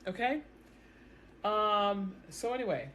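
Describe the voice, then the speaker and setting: A woman in a self-recorded video, commenting on the news in a casual, animated way, often repeating herself as she talks straight to her viewers. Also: medium pitch, takes it slowly, slight background noise. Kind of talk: casual explanatory commentary to camera. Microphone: self-recorded camera setup.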